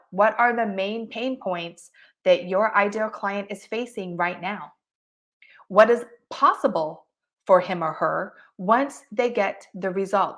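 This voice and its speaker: A woman teaching an online marketing coaching session, talking expressively and with emphasis, often laughing between points. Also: medium pitch. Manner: expressive, emphatic, acts out examples.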